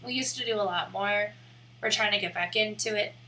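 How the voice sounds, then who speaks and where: A woman's voice: medium pitch, a little fast, bright, forceful tone, poor audio. A woman with a Midwestern accent, chatting casually on a livestream as she works on her screen, rambling and self-deprecating. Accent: American Midwest. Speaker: live streamer. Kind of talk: casual livestream chat while working on screen.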